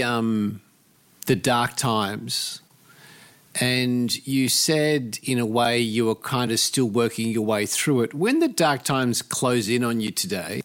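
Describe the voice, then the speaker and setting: A man's voice: mid-range voice, fairly bright tone. A man hosting a podcast, asking thoughtful, probing interview questions. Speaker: podcast host.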